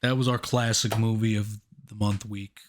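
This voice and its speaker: A man's voice: on the low side, level tone, normal speed, a little hiss or hum. A man co-hosting a podcast in casual, crude chat, joking and teasing his friends. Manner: joking, drops into impressions. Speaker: podcast co-host.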